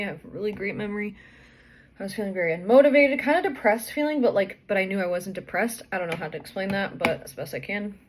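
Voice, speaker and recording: Young woman vlogging her story, kinda out of breath, rambly with lots of likes and ums, middle pitch. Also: a little hiss or hum. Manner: chatty, rambling with fillers and restarts. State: out of breath, pregnant. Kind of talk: casual personal storytelling.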